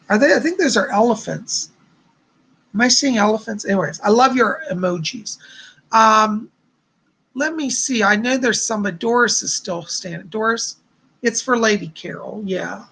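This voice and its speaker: This is a man running a live psychic reading session, warmly relaying messages to viewers one after another. His voice carries a gravelly crackle and a breathy, husky texture. He talks in an effusive, rambling way, full of thanks and blessings. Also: high voice. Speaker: psychic host.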